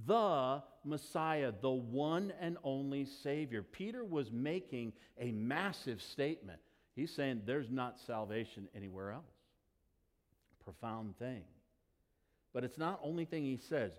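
A high-pitched man preaches from the pulpit in a church sanctuary. He takes his time, letting quiet, low asides swell into emphatic declarations. The long reverb of the hall trails after every phrase. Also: expressive, measured pace. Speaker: pastor. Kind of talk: sermon.

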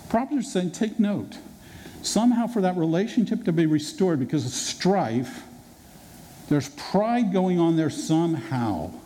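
A male pastor preaching a sermon in a conversational, animated way, acting out quotes, recorded in a reverberant hall. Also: on the high side. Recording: reverberant hall with faint noise.

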